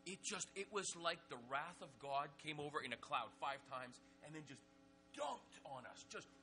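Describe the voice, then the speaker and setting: Guy preaching, funny camp stories, really bright tense voice, kinda high. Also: normal speed, faint music behind. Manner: lively anecdotes with many fillers and restarts. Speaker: pastor. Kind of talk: humorous sermon storytelling.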